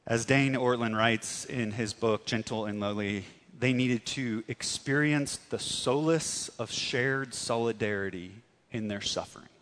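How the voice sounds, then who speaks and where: A man delivers a sermon at an unhurried, deliberate pace. He preaches earnestly, pressing on key words, then sinking into soft, quiet tones. His voice trails into the long reverb of a large hall. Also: medium pitch, slight background noise. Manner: earnest, emphatic preaching with dramatic pauses and drops to soft tones. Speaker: pastor.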